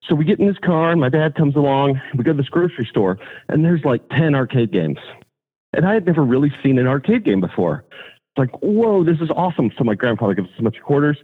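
A man's voice: medium pitch, animated, quick pace, slightly rough. A man from Arkansas calling in to a podcast, sincerely telling a nostalgic story. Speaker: caller. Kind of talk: phone-in storytelling. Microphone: telephone. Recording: tinny phone line.

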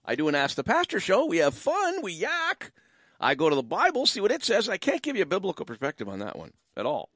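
Man, from Canada, radio pastor host, call-in talk show, joking and rambling, lively up-and-down voice, dry close studio sound. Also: high-pitched, fast, dry recording. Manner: chatty, joking, rambling asides.

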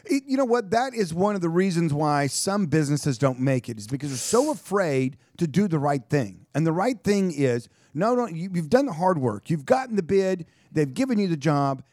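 A man's voice: on the high side, big pitch swings, moderate pace, few pauses, darkish tone, no room sound. Dry-witted male co-host with teasing quips. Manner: dry, teasing one-liners. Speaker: co-host, doctor. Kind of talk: casual talk show banter.

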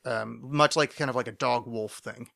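Bright-voiced man rambling on a podcast. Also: medium pitch, steady tone, normal speed, gravelly. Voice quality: rambling, profane, self-deprecating. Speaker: podcast host. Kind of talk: casual solo podcast monologue.

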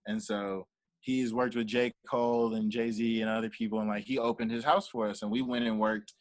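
A man's voice: on the low side, flat delivery, normal speed, no echo. A young man, a manager and entrepreneur, talking casually in an interview and acting out quoted dialogue as he tells his stories. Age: young adult. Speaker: guest, entrepreneur and artist manager.

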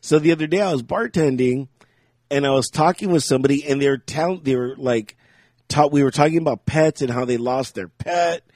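Speaking fairly quickly in a mid-range, darkish voice, this man co-hosts a podcast with loose, rambling stories. He laughs a lot and mimics what others said, and the studio sound is clean with no echo.

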